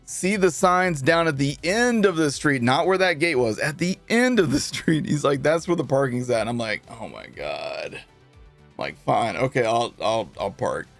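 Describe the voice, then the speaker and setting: A man's voice: on the high side, normal speed, hardly any pauses, soft background music. A man streaming a game, casually telling his chat a long story, laughing and acting out what people said. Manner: animated, laughing, acts out quotes.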